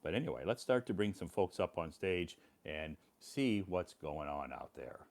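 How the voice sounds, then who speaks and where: A man's voice: sits low, expressive, normal speed, creaky, a little mellow. An American man hosting a casual English-learning live stream from home, rambling and reassuring, often repeating himself. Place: his home.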